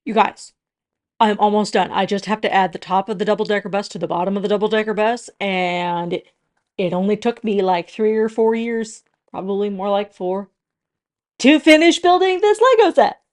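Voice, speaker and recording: A woman's voice: mid-range voice, moderate pace. Emotional woman chatting on her vlog. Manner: soft and tearful, then bubbly and excitable. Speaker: vlogger. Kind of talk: casual vlog chat.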